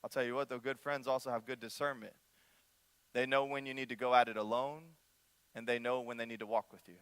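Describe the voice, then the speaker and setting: A young man preaching a sermon, animated, often acting out the voices of people in the story and speaking straight to the crowd. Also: medium pitch, a little fast, clean tone, dry recording. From United States. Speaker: young adult ministry pastor.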